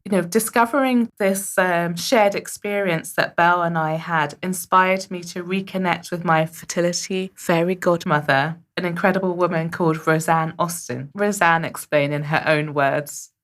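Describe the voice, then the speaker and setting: A woman in her forties hosting a podcast, speaking softly and reflectively, with many "you know"s as she shares a personal story. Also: lowish voice, steady tone, normal speed, hardly any pauses. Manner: soft-spoken and reflective, with frequent fillers. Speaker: podcast host.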